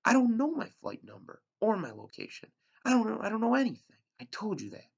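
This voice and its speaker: A man's voice: sits high, wildly swooping pitch, moderate pace, vocal fry, a little mellow, husky, muffled recording, voice pushed up, heavily acted. A man voicing a panicked teenage boy stranded in a plane, screaming and pleading desperately over the radio. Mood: frantic.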